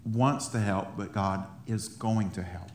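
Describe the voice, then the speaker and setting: A male pastor preaching a sermon in an animated way, laughing often and building up to excited emphasis. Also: fairly low pitch, unhurried, a little hiss or hum. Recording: roomy echo of a hall.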